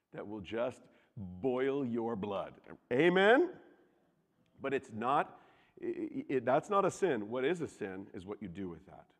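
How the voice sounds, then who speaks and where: A man preaching a sermon, animated and jokey, asking the congregation questions. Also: mid-range voice. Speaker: pastor. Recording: reverberant hall.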